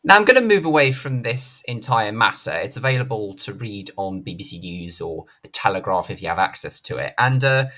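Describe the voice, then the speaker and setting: A man's voice: lowish voice, big pitch swings, a little fast, hardly any pauses, pushed and bright. A man hosting a commentary channel, giving a blunt, indignant opinion monologue and swearing freely. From Britain. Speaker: channel host, film commentator.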